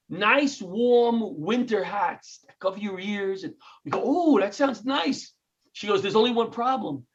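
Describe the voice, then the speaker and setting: A middle-aged man with a New York accent, a comedian and retired firefighter, telling stories in an interview with lively acted-out quotes. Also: high voice, lo-fi sound. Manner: animated storyteller, acts out quotes, self-interrupting. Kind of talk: interview storytelling.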